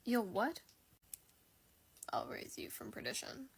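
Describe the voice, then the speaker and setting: A woman voicing a gruff, literal-minded male angel in a low, breathy half-whisper with a flat, stiff delivery, in a comedic fan skit. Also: slow pace, exaggerated voice, poor audio. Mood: deadpan.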